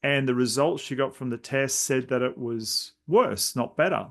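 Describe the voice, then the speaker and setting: At a moderate pace and with a medium-pitched voice, this man hosts a podcast and spins casual stories, wandering off and starting over many times.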